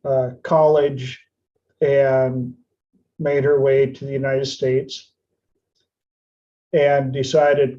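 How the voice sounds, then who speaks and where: A man's voice: mid-range voice, little pitch movement, extremely slow, long pauses, warm tone, highs cut off. A man hosting a podcast, telling a story in a casual, chatty way and putting on playful voices for the people in it. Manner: retells anecdotes, slipping into playful voices for the people in them. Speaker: podcast host.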